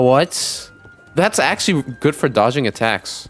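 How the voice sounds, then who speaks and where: A young man of average pitch narrates his game run for an online audience. He teases himself and turns loud and pleading when a fight goes badly. Faint music plays beneath his voice. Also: unhurried. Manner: excitable, shouts and pleads during fights; talks to chat, self-deprecating. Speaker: gaming YouTuber. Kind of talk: let's play with voice-over narration.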